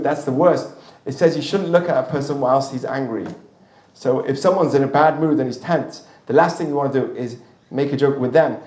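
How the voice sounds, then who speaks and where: A male rabbi teaching a class with a live audience, chatty and storytelling, with quick asides to the listeners. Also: fairly high pitch, a little mellow. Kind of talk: lively classroom teaching with anecdotes. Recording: roomy distant mic in a hall.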